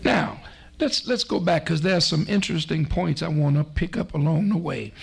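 A man preaching a sermon, slow and emphatic, with repetitions and a folksy storytelling manner. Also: fairly high pitch, gravelly. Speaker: pastor.

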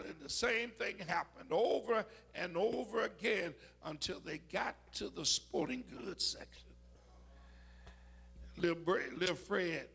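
A male preacher with a husky, gravelly edge to a high, bright voice. He preaches slowly and tells stories, building toward shouted dramatic peaks. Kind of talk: sermon.

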